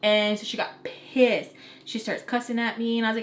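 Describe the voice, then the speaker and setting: A young woman telling a personal story in a casual storytime vlog, chatty and animated with lots of "like" fillers. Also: fairly high pitch, normal speed. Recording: roomy echo with faint background noise.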